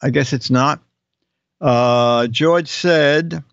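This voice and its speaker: A man's voice: on the high side, expressive, slow, fairly bright tone, no echo, dull audio. An older man hosting a casual live show, reading viewers' joke captions aloud and chuckling between them. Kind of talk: casual comedic live-stream chat.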